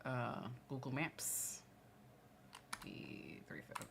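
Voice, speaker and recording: Low-voiced woman telling a story on stream. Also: slow pace, vocal fry, noisy background. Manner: animated, laughing storyteller reading chat comments. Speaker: livestream co-host. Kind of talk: casual livestream storytelling.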